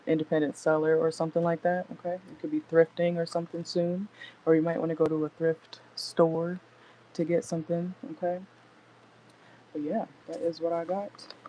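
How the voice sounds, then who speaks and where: Young woman, tarot reader, mellow voice, loose and chatty, laughs a lot, salty language. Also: sits low, level tone, normal speed, rough recording. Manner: laid-back, chatty, laughs often, swears casually. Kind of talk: casual live tarot reading. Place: inside a car.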